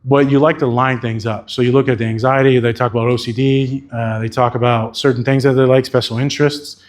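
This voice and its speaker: A man's voice: medium pitch, little pitch movement, a little fast. A man giving a conference keynote as a therapist, talking candidly and casually and swearing freely. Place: conference venue.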